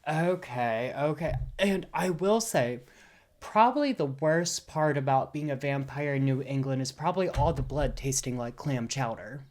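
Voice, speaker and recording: A podcast co-host chatting casually in an animated, gossipy, exclamatory way. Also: medium pitch, moderate pace. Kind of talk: casual chat.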